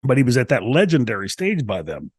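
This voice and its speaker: A man's voice: mid-range voice, big pitch swings, fairly quick, husky, dry recording. A man from the United States, a guest in an interview, telling long rambling stories with many restarts. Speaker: interview guest, former wrestler. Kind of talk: casual shoot interview storytelling.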